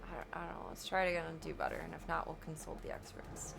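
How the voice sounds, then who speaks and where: A woman's voice: deep voice, fairly even intonation, fast talker, creaky, over music. A woman streaming a video game, chatting casually, swearing freely and breaking into laughing shrieks. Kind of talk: casual gameplay chat.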